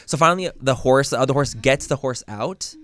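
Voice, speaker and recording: Fast-talking young man telling a story. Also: mid-range voice, a bit bright, no echo. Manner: rambling storytelling, heavy filler and swearing. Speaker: podcast co-host. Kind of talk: casual chat.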